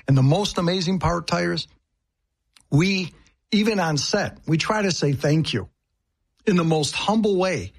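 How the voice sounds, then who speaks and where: A man's voice: high voice, lively intonation, measured pace, creaky, pauses often. A man appearing as a guest, speaking in an appreciative way in a casual interview.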